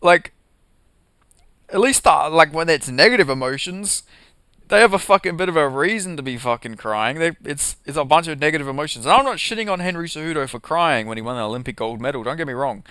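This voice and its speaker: A man's voice: a little high, animated, a little fast, pushed and bright, smooth, dry recording. A young man doing a casual, profanity-heavy rant about MMA, heated and sarcastic, with lots of "like" and "you know". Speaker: MMA commentary vlogger.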